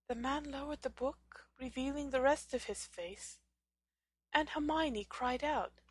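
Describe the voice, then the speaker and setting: A woman narrating a fan fiction audiobook in a dramatic, expressive storytelling manner. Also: sits high, a little slow, dry recording.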